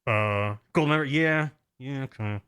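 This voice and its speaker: A man's voice: medium pitch, unhurried, fairly bright tone, clean tone. A young man streaming, giving rambling, self-deprecating casual commentary full of fillers and laughs.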